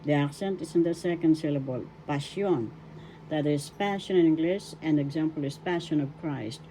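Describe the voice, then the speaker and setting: An older woman with a Filipino accent teaching a video language lesson, breaking words slowly into syllables. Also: low voice, warm tone, slight background noise, low-quality recording. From Philippines. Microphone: webcam or phone camera.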